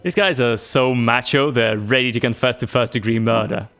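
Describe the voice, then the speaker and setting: A man's voice: medium pitch, moderate pace, creaky, fairly bright tone, soft background music. A man playing a game on stream, reading its narration aloud and chatting casually. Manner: reads narration aloud, laughs often.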